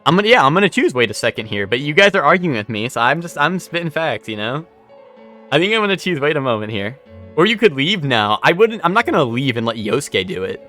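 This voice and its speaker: A man's voice: on the high side, big pitch swings, quick pace, pushed and bright, soft background music. A man streaming a video game, rambling in casual commentary, swearing often and repeating himself.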